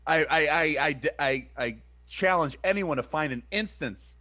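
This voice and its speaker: A man in his forties co-hosting a casual livestream chat, halting with frequent restarts. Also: fairly high pitch, animated, pushed and bright. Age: 40s. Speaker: streamer co-host.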